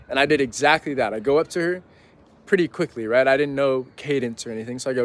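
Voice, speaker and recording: Speaking quickly in a mid-range voice, a young man shares a story on a podcast as a guest. His telling is relaxed and wandering, packed with "like" and "right?".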